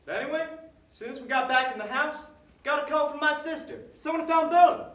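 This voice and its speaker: A man's voice: very high voice, fairly quick, fairly bright tone. A man playing a rambling dog owner. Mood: reminiscing. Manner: folksy, rambling, repeats himself. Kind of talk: stage monologue. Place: theater stage. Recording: echoey stage heard from a distance.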